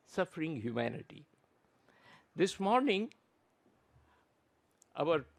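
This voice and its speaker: Speaking at an unhurried pace, a man from Pakistan delivers an earnest conference talk. His voice is high with wide pitch swings, and he often stops and restarts his phrases.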